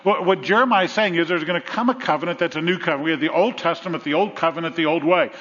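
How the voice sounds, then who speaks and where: A pastor preaches a sermon earnestly, fond of repeating phrases in threes. His voice is fairly high-pitched, racing and a bit bright, and the recording has long reverb and a dull, lo-fi sound.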